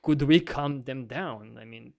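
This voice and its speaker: Animated, swearing man co-hosting. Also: medium pitch, unhurried, creaky. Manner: animated, swearing, laughs often. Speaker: podcast co-host. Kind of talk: casual podcast conversation.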